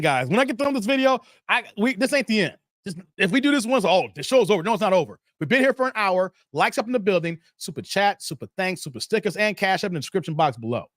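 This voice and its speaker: A man's voice: high-pitched, no room sound, studio quality. A man hosting a live stream and reading chat comments, talking in a teasing, playfully exasperated way.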